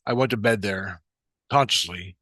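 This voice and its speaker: Man, rambling spiritual story, swears a lot, sharp bright tone, dry close sound. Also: fairly low pitch, moderate pace, dry recording. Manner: profane, meandering, with frequent restarts. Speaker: spiritual vlogger.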